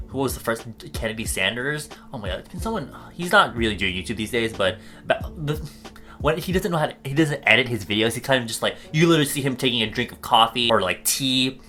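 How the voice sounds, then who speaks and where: A young man from the States chats through a Q&A vlog, his voice bright and forward. He drifts into tangents and swears freely, at a mid pitch, with faint music behind him. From United States. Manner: rambling, swears often, goes off on tangents. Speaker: YouTuber answering viewer questions. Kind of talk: casual Q&A vlog.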